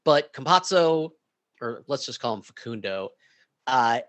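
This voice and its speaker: Bright-voiced man giving sports takes. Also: medium pitch, a little slow. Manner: relaxed and opinionated, drops to a quieter aside voice. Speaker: podcast co-host. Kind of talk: casual fantasy sports chat.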